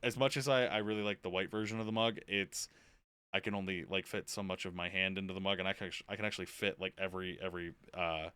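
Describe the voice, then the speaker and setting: A man's voice: sits low, fairly even intonation, fast, sharp tone, clean tone, no room sound. A young man streaming a game, chatting casually and rambling while he plays. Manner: rambling, chatty, self-interrupting. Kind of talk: casual live-stream chat.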